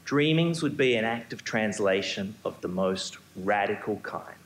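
A man, a museum curator, giving a prepared symposium talk on stage, measured with occasional ums and restarts. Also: on the low side. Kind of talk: prepared lecture. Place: auditorium stage. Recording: echoey hall, faint hum.

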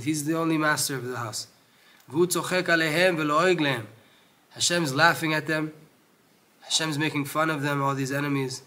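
A man giving a Torah lesson who reads Hebrew passages quickly and explains them in English with frequent restarts. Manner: grows loud and high when animated, drops low when lecturing. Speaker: Torah teacher.

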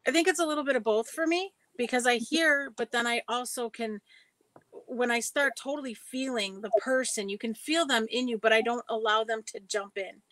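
A woman's voice: a little high, normal speed, fairly bright tone, no echo, poor audio. A woman, a guest psychic medium in a casual chat, who talks firmly and emphatically about her own way of working.

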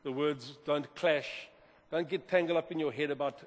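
A man preaching a sermon as pastor, animated, repeating words and swinging from loud to quiet. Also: fairly high pitch, moderate pace. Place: church hall. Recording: long hall reverb.

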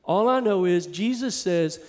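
A man's voice: high voice, animated, measured pace. A male pastor, preaching a sermon to a live congregation in a church, conversational yet emphatic.

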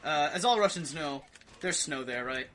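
A young man giving rambling, excitable commentary over a video game, swearing and yelping as he plays. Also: on the high side, normal speed, slight background noise. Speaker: gaming video host. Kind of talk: rambling let's play commentary.

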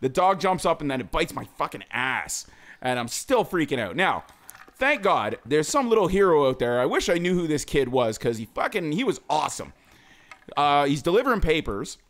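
A man in his forties hosts a podcast and tells a story from his childhood, with a lively voice that rises and falls a lot and sits a bit high. He laughs often and swears freely. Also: moderate pace. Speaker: podcast host. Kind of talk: casual storytelling chat.

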